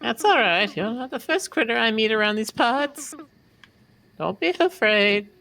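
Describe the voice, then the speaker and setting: A woman voicing a kindly old woman who keeps the woods, reading game dialogue in a gentle, folksy way. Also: a little high, expressive, a little slow.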